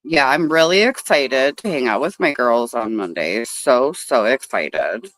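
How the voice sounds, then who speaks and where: A woman hosting a casual livestream, talking to viewers from a table outdoors. Her pitch swings widely as she chats, and she is blunt and swears freely. The sound is dry, with little echo. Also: animated, measured pace, a bit bright. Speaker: livestream host.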